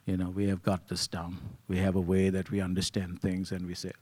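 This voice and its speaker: A man whose voice sits low preaches a joking, conversational sermon at a fairly quick clip, alternating loud, excited bursts with hushed lulls. The recording is dry.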